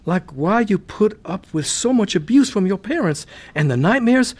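An actor playing a gentle, devoted husband who speaks in a caring, reassuring way in a radio drama. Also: male voice, high-pitched, animated, normal speed, breathy edge. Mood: tender.

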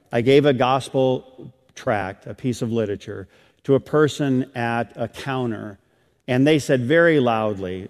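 Middle-aged guy preaching a sermon, gets loud and emphatic then drops soft, long hall echo. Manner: preaching with swings from loud emphatic peaks to soft low passages. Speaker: pastor.

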